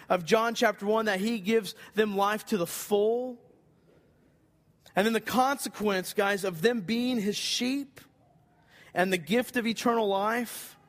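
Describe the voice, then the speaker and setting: A man's voice: high-pitched, a bit bright. A man preaching a sermon, earnest and emphatic, repeating key phrases for weight. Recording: long hall reverb.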